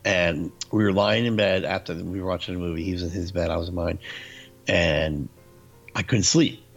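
A man's voice: low-pitched, steady tone, moderate pace, gravelly, muffled recording, faint music behind. A man in his forties, co-hosting a casual chat about movies and telling stories with laughter. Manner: storytelling, laughs often, acts out quotes.

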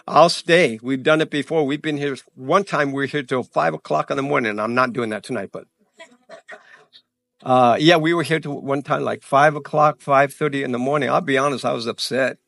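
Pastor guy doing church announcements, gets all excited, trips on his words, dry close mic. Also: medium pitch, no room sound. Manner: animated, stumbling over words, laughs at himself. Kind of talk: church announcements before a sermon. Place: church sanctuary.

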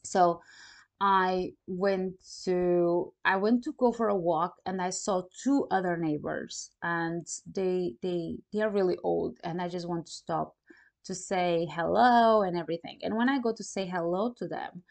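A woman vlogger chatting casually to camera, telling a personal story in animated, non-native English full of "you know, like.". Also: fairly low pitch, measured pace, vocal fry. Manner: animated, acts out quoted dialogue.

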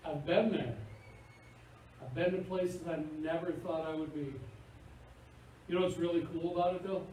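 A man preaching a sermon in an animated, playful way, acting out little scenes. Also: fairly high pitch, moderate pace. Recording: echoey room, picked up from far off, faint hiss.

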